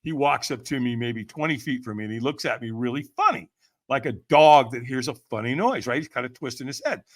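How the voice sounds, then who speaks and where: Speaking at a fairly quick clip in a medium-pitched voice with lively intonation, this podcast guest spins an energetic yarn. He voices the characters he quotes, laughs often, and leans on "man" and "right?" throughout.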